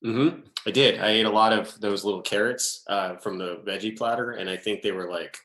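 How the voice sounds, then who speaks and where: Someone improvising a sheepish dodgy young guy, super deep, roomy echo. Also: normal speed, a bit bright. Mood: evasive. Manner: evasive, mumbling. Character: evasive, sheepish young man. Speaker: improv performer. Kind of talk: improvised comedy scene.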